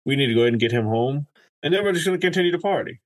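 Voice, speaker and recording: A man's voice: fairly high pitch, racing, rough recording. A man co-hosting a podcast, telling stories in casual chat and acting out the lines of people in them. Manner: animated storyteller, acts out quotes. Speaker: podcast co-host.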